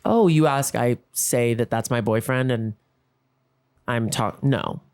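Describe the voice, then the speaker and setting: A man's voice: medium pitch, slow, a little mellow. A man hosting a podcast, telling a comic story and acting out both sides of each conversation. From Los Angeles. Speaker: podcast host. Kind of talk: comedic storytelling monologue.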